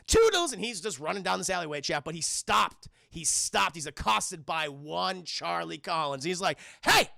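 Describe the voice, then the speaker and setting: A man's voice: on the high side, creaky, no room sound, studio quality. A man recapping a cartoon episode on a livestream, swearing freely and talking to his chat as he goes. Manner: profane, animated retelling, addresses chat.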